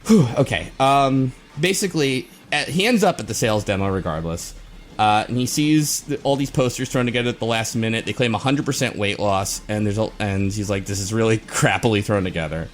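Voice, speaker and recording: A man's voice: lowish voice, animated, brisk. Rambling man recapping from notes. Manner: rambling, with many fillers and restarts and frequent chuckles. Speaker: podcast co-host.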